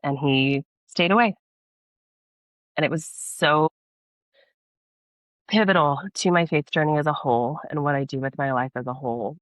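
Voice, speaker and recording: A young woman from Texas, a podcast guest, earnestly telling a personal story in a casual interview, animated and laughing often. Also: very deep voice, no room sound.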